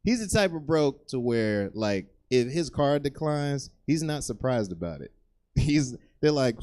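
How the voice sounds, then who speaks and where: A man doing stand-up on a comedy theater stage, telling a loose, rambling story and jumping up in pitch to act out the people in it. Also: very animated, unhurried, darkish tone. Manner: loose and rambling, acts out characters with jumps in pitch.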